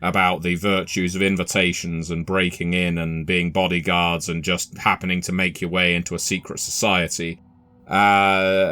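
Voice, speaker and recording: A man narrating a tabletop horror game as game master. His delivery is measured and unhurried. The voice sits low but sounds bright and forceful. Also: clean tone.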